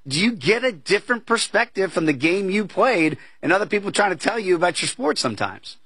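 Husky-voiced male sports betting host. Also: high-pitched, very animated, a little fast, a bit bright, no echo. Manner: chatty, conversational, fond of asides. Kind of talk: casual sports talk.

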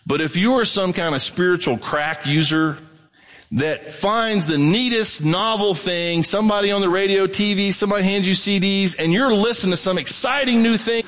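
A male pastor delivers a sermon with a fairly high voice. He talks plainly and bluntly, swinging from excited bursts to hushed asides. Long reverb from the church hall trails his words. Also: moderate pace.

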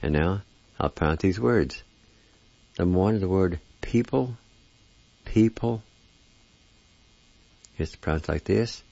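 A man teaches a language lesson by spelling each word carefully and saying it again, going slowly word by word. His low voice is gravelly yet mellow, and he pauses often. The dull lo-fi recording has no echo.

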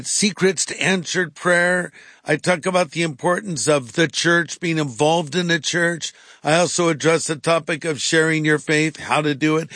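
Pastor, male, higher-pitched, earnest radio preacher, dry booth sound. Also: fairly bright tone, no echo. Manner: earnest, preacherly, emphatic repetition. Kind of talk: radio sermon talk.

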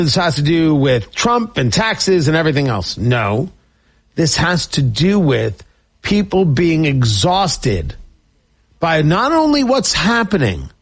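Sarcastic, high-voiced talk radio host. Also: male voice. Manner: sarcastic, riffing. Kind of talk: political talk radio commentary.

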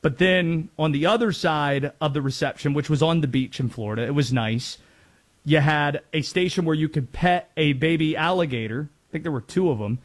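A man's voice: fairly high pitch, moderate pace. A man from North Carolina hosting sports talk radio in a chatty way, laughing easily and wandering into asides.

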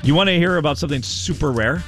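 A man's voice: a little high, quick pace, music in the background. A man hosting a sports radio show who quizzes his co-host with trivia and teases him. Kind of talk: casual sports talk.

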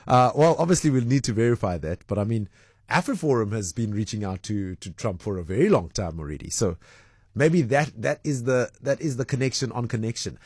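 A man hosting a breakfast radio talk show, his voice a little husky and sitting at a middle pitch. He chats loosely, reads out messages from listeners and fills his pauses with ums and uhs. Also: darkish tone, dry recording, clean studio sound. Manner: chatty, reads out listener messages with many fillers.

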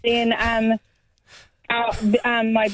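A woman calls in to a radio show and rambles in a good-humoured way. Her voice is a little high and sounds dry and close. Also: monotone, extremely slow, a bit bright, no echo, low-quality recording. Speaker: caller. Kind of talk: phone-in chat.

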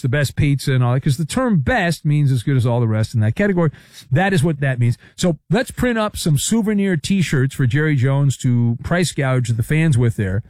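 A man's voice: fairly high pitch, a little mellow, no room sound, clean studio sound. A man hosting a sports talk show, delivering a sarcastic monologue full of playful riffs and asides. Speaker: sports talk radio host.

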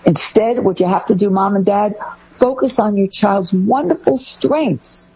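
Lively husky woman giving parenting advice. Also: unhurried, highs cut off. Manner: lively, acts out parent phrases in a higher voice. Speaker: parenting podcast co-host. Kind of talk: casual advice talk.

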